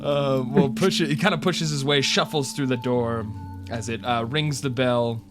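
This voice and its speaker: A man's voice: mid-range voice, fairly even intonation, moderate pace, over music. A man narrating as game master of a tabletop game, hesitant, with many fillers.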